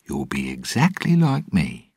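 A man's voice: extremely low pitch, wildly swooping pitch, a little slow, a little mellow, breathy edge, no echo, exaggerated voice. A man voicing a roguish, boastful male ship captain in a read-aloud storybook, with a coaxing, self-assured manner.

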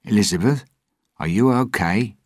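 A man's voice: on the low side, moderate pace, husky, dry recording, clean studio sound, pitched above the performer's own voice. A man reading as a sly pirate captain. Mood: coaxing. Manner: coaxing, self-assured. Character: roguish male ship captain, boastful and sly.

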